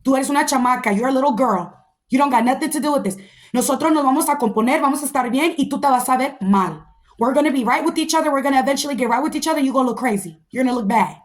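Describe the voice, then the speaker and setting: A woman's voice: sits high, very fast, lightly acted. A woman voicing her own stern mother, who firmly lectures her young daughter to stay out of grown-up fights. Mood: scolding. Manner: firm, lecturing.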